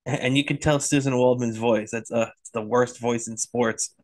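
A man's voice: mid-range voice, fairly even intonation, normal speed, a little mellow. A man co-hosting a casual sports podcast, giving short agreeing replies and moving the talk to new topics. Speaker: podcast co-host.

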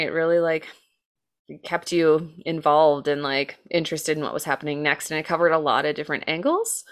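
An American woman co-hosting a true-crime podcast in casual chat, talking chattily with lots of fillers, self-deprecating jokes and the odd swear word. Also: low voice. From United States. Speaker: podcast co-host telling a true-crime case.

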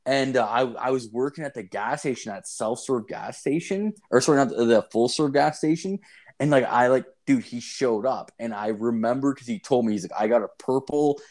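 A man's voice: mid-range voice, moderate pace. A man in his thirties telling rambling, profane stories in casual chat, full of fillers. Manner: profane, rambling, animated storytelling with heavy filler. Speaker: storyteller.

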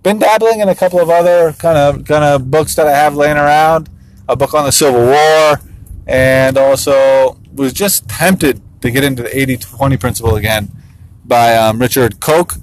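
A man's voice: mid-range voice, moderate pace, low-quality recording. A man in his thirties, a father and business owner, talking casually, laughing often and playfully mimicking his kids. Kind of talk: casual vlog monologue.

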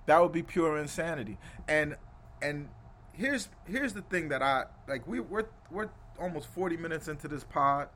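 A man hosting a casual sports podcast, animated and laughing, swinging between loud rants and low asides. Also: slight background noise. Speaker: podcast host.

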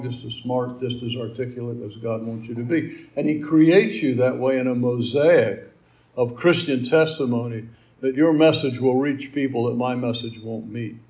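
Male preacher, middle-aged, gravelly, conversational and folksy sermon delivery. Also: medium pitch, a little slow, dark tone. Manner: folksy, rambling, with asides and fillers.

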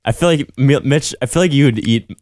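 A young man co-hosting a casual podcast, reading listener submissions aloud in a relaxed manner. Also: mid-range voice, fairly quick, no echo, clean studio sound. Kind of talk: casual chat.

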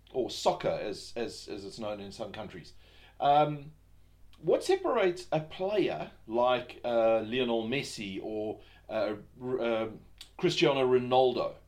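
A man's voice: mid-range voice, darkish tone. A man hosting a self-help podcast, talking loosely with many fillers and restarts and asking rhetorical questions. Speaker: podcast host.

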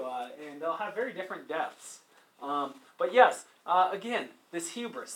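A male teacher lecturing a class, animated, asking students questions and acting out quotes as he retells a story. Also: a little high. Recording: echoey classroom.

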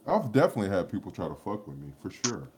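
A man talking on a podcast with a very deep, low voice. He tells his stories in a loose, rambling way, swearing freely, restarting sentences and laughing between them. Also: big pitch swings, quick pace, darkish tone. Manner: rambling, profane, laughs often, lots of restarts. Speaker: podcast co-host. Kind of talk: casual chat, storytelling.

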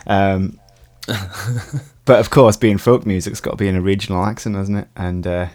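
Low-voiced man, dry sound. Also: fairly even intonation, moderate pace, a little mellow, dry recording. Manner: self-deprecating, rambling with fillers. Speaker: musician and co-host. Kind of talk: casual podcast chat.

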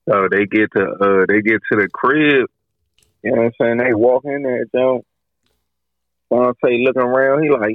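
Podcast co-host, animated storyteller who acts out the people in his tale, dry lo-fi sound. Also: medium pitch, normal speed, dry recording. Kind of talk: casual storytelling chat. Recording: dull, lo-fi sound.

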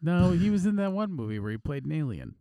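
A man co-hosting a podcast, cracking jokes and quick to laugh in casual chat. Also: fairly high pitch, sing-song, mellow, no echo. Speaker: podcast co-host.

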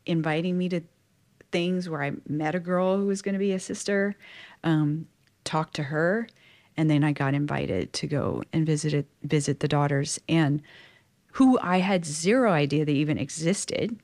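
Louisiana-raised nun, interview guest; slightly low female voice, chatty, expressive storyteller. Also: normal speed. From Louisiana, USA. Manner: chatty, expressive, frequent "like" fillers. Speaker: guest, Catholic religious sister. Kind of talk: personal storytelling in conversation.

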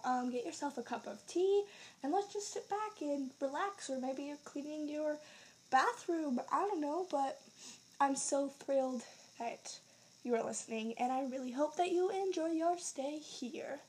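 A woman hosting her own podcast in a bubbly, excited, rambling way, a little out of breath and correcting herself as she goes. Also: high voice. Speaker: podcast host. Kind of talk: casual solo podcast chat.

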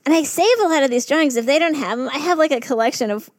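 A woman working in festival harm reduction, telling stories in a casual podcast chat, animated and laughing often. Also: high-pitched, quick pace, no echo, clean studio sound.

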